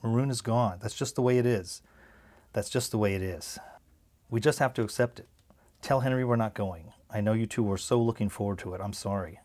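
A man's voice: lowish voice, brisk, a little mellow, close to an everyday voice. A man reading the part of a worried, anxious mother who pleads and repeats herself. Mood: resigned. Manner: pleading, insistent repetition. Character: worried anxious mother, middle-aged woman.

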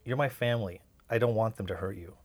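A man's voice: fairly low pitch, fast, darkish tone, slightly rough. A man reading aloud and voicing the protective leader of a small found family, giving urgent orders. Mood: earnest. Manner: urgent, commanding.

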